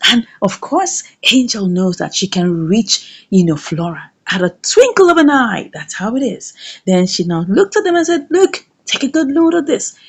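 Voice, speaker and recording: A woman who reviews movies, chatting casually as she recaps a drama series with animated storytelling. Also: medium pitch, moderate pace, slightly rough.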